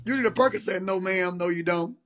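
A man's voice: high voice, fairly quick, a bit bright. A man hosts a casual chat. He teases his guest with mock concern and ribbing questions.

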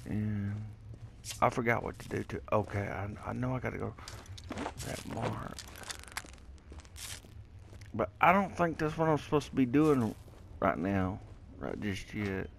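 A man with a lowish, animated voice and vocal fry talks a little slowly, with long pauses, as he plays a game. This gameplay creator rambles casually in let's play commentary, talking to himself and getting easily confused; slight background noise is present.

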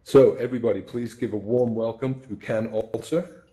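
A man's voice: medium pitch, steady tone, moderate pace, mellow. A man hosting a live online conference session, introducing the speaker and explaining the housekeeping in a welcoming way. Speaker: session host.

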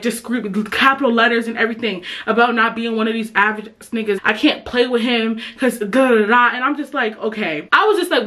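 A woman's voice: on the high side, bright, forceful tone. A young woman telling a casual storytime, blunt and profane, acting out the dialogue she retells. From United States. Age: young adult. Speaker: vlogger. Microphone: camera mic.

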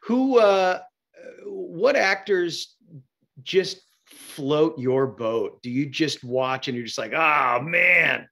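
Slow-talking man interviewing an actor. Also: fairly high pitch, vocal fry. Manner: unhurried, brief backchannel replies. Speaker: interviewer, acting teacher. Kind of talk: conversational interview.

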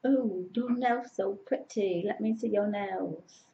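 A woman doing a fussy, flattering nail technician. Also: mid-range voice, vocal fry, slight background noise. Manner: fussy, flattering, slow and drawn-out. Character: fussy adult woman nail technician fussing over a client. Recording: dull lo-fi home audio.

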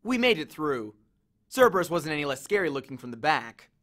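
A man reading a novel aloud, telling the story in a fairly high voice that rises and falls a lot. His delivery is expressive and animated as he moves through the action. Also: brisk. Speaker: audiobook reader.

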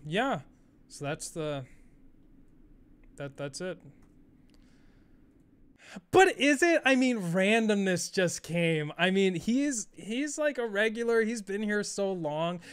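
A man's voice: fairly high pitch, clean tone. A young adult man chatting casually to his audience during a game live stream, rambling, self-mocking and swearing freely.

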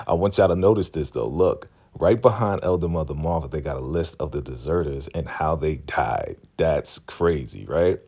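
A man chats through a TV episode recap in a very low, husky voice. His pitch swings widely as he retells each scene, and he keeps a loose, conversational tone throughout. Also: animated, normal speed, few pauses, a little mellow. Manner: chatty, acts out the scenes he retells. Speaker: show recap vlogger.

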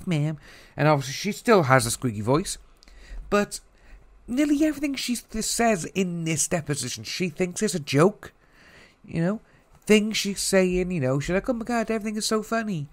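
Animated, mocking male vlog host. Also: mid-range voice, dry recording. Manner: animated and mocking, mimics people he talks about. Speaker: YouTube channel host. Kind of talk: casual commentary vlog.

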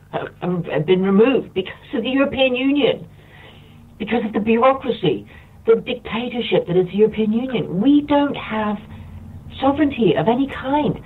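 A man's voice: high-pitched, slightly rough. A man from the United Kingdom speaks as a radio show guest, close to tears, rambling and impassioned, repeating himself. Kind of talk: impassioned monologue. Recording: distant tinny phone line.

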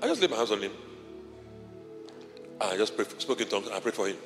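A man with a fairly low voice preaches fast in a large church auditorium, his pitch swinging widely. The sermon is impassioned and built on short repeated phrases, heard through long hall reverb and faint music.

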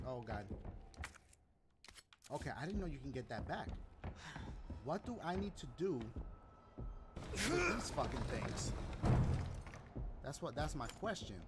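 A man playing a video game and reacting aloud, swearing and yelling at the game and chatting to his viewers. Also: fairly high pitch, very noisy. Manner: talks to viewers as "y'all". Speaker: gaming video host. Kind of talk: let's play commentary. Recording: loud game sounds behind voice.

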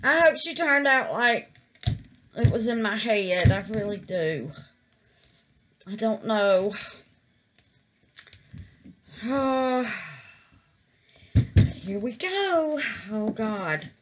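Woman, chatty crafting vlog, slow unhurried talk, sing-song lively pitch. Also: slight background noise. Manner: chatty, calls viewers babies, exclaims to the Lord. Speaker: resin crafter.

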